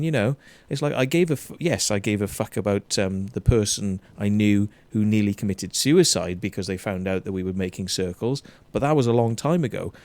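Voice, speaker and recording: A Welsh man hosting a casual livestream chat, blunt and animated, swearing heavily as he rants. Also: on the low side, dry recording. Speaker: show host.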